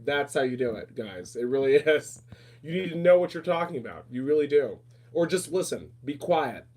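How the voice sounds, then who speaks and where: A man with a fairly high voice rants emphatically on his own podcast. He talks casually, circles back and repeats his points again and again. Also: sing-song, a little mellow. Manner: emphatic, repetitive, fast rants. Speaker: podcast host. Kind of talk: casual ranting talk.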